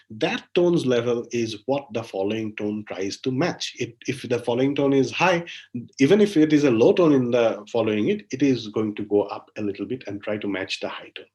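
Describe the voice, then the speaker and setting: A man giving an academic linguistics talk, explaining research step by step with frequent "like, you know" fillers and hesitations. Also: a little mellow. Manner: frequent fillers "like, you know", pitch rising on new points. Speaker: linguistics lecturer.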